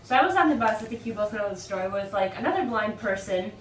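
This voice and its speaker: A young woman who is a guest in a friend's vlog, telling stories in an animated, playful way. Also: medium pitch, fast talker. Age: young adult. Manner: animated, playful, full of herself in jest. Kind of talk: casual storytelling chat. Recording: echoey room, mic far off, faint noise.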